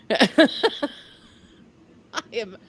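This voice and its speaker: A woman in her forties co-hosting a live podcast in casual chat, teasing and laughing often. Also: very slow. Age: 40s. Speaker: podcast co-host.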